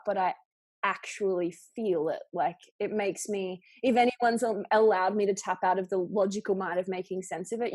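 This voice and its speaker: A young Australian woman hosts a podcast in a quick, chatty way, her sentences full of "like" and loose restarts. Her voice sits at an ordinary middle pitch in a dry, close sound with no room in it. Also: a little mellow, dry recording. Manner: fast-talking, chatty, full of "like". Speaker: podcast host. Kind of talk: casual conversation.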